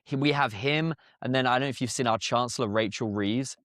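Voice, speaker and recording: A man's voice: medium pitch, fairly quick, fairly bright tone, dry recording. Blunt British man, chatty guest. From Britain. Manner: blunt, chatty, frequent filler words and laughs. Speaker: podcast guest. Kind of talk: casual conversational interview.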